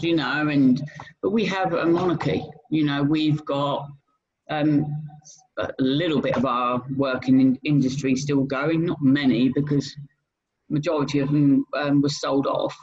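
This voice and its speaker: Man, British, co-host, casual chat, hesitant, lots of ums, slow, muffled recording. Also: fairly high pitch, steady tone, a little mellow, slight background noise. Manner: hesitant, repeats words, many ums. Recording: dull lo-fi sound.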